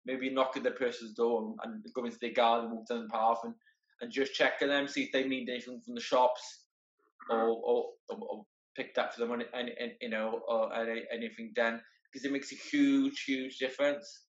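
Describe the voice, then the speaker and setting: Earnest man, halting and roomy. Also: mid-range voice, little pitch movement. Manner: earnest, halting, repeats words often. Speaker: guest, wheelchair marathon entrant. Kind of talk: casual conversation. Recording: roomy, dull lo-fi sound.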